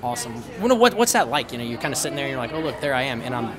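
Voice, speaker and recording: A red carpet interviewer with a lively, swooping voice fires off quick, upbeat questions at a film premiere. A loud crowd chatters all around. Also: mid-range voice.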